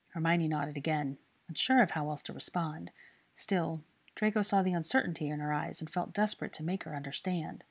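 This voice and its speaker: A woman reading fan fiction aloud in a steady storytelling manner. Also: low voice, a little fast, gravelly, breathy edge. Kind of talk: scripted narration.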